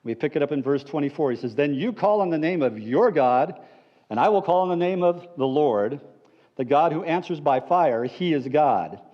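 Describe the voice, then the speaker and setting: Animated male pastor preaching a sermon. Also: moderate pace, dull audio. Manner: animated, playful storytelling that drops to low earnest appeals.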